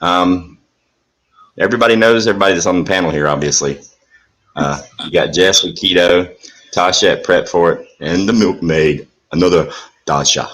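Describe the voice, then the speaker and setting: A man's voice: low voice, brisk, long pauses, a bit bright, rough recording. A man hosting a casual livestream, easygoing and joking, a little scattered as he sorts things out. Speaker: livestream host.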